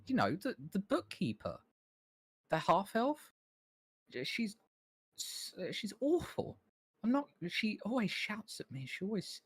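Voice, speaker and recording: A man's voice: on the high side, breathy edge, no echo, pitched above the performer's own voice, heavily acted. A man voicing a resentful, whiny young male bookkeeper's assistant who stammers petulantly.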